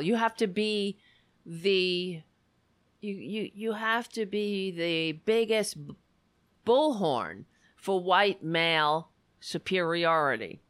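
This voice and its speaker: Woman, livestream host, sarcastic political commentary, swings up and down in pitch, dry close sound. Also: fairly bright tone, smooth, no room sound. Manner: sarcastic and profane, with frequent self-interruptions. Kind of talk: political commentary livestream, reading news aloud.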